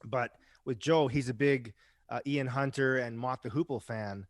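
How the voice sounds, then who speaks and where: A medium-pitched man talks at normal speed with fairly even intonation, recorded at studio quality with no echo. Appearing as a podcast guest, this rock musician tells stories in a loose, chatty way, frequently adding "right?" and swearing now and then.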